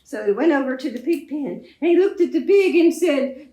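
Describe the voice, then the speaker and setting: A woman librarian reading a story aloud to children in an expressive storytime manner. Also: high-pitched, moderate pace. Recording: echoey room.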